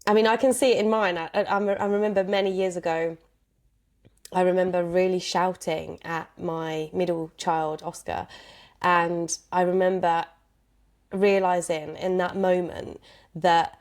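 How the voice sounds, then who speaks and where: A woman's voice: fairly low pitch, flat delivery, unhurried, a little mellow. A woman, hosting and reflecting thoughtfully in a casual chat.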